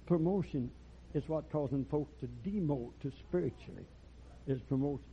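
Older preacher, husky and folksy. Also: male voice, on the high side, normal speed. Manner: folksy storytelling, rising to loud preaching bursts. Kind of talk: rural revival sermon. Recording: dull lo-fi church recording.

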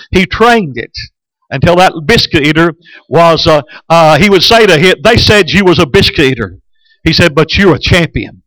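Pastor guy preaching a sermon, pretty high voice, folksy, lots of uhs, dry sound. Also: fairly bright tone, dry recording, poor audio. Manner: folksy storytelling with frequent hesitations.

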